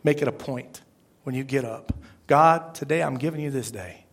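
A man preaching a sermon as pastor, talking to the congregation conversationally, with restarts and sudden loud rises. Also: mid-range voice, normal speed, creaky, husky.

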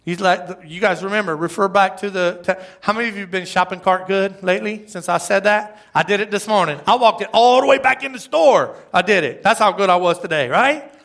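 Male pastor, high bright voice, chatty self-deprecating sermon to the crowd. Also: steady tone, a little fast. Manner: conversational, self-deprecating, asks the crowd "right?". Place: church service before a congregation.

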